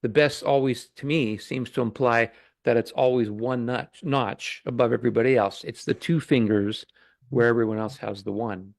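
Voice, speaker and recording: A man's voice: mid-range voice, fairly even intonation, normal speed, gravelly, dry recording, studio quality. A man speaking as a podcast guest in thoughtful, hesitant casual talk, full of fillers.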